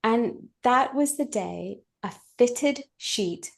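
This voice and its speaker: A middle-aged woman, a guest on a podcast, telling a personal story in a candid, animated way and acting out the things she once said. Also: fairly high pitch, slow pace, vocal fry. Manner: animated, vivid storytelling that acts out her own past words; candid and chatty, talks straight to the listeners.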